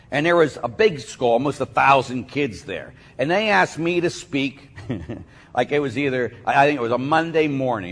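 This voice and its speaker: A man who is a Catholic priest, praying and then preaching, telling stories with acted-out voices. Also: medium pitch. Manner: animated storyteller, acts out voices. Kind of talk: sermon with prayer and storytelling. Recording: husky voice in a reverberant hall.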